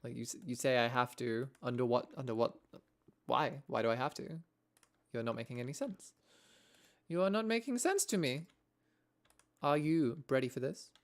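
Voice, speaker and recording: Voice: mid-range voice, expressive, normal speed, pauses often. A young adult streamer from Wales chatting casually with viewers while playing, sweary and rambling, with lots of asides. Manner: chatty and sweary, with frequent self-interrupting asides. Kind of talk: casual gameplay chat with viewers.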